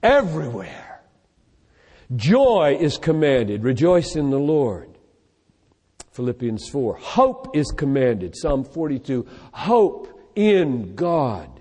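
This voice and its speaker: Preaching in a large hall, a man with a mid-range, slightly rough voice speaks emphatically and with animation. He lists scripture verses rapidly, one after another.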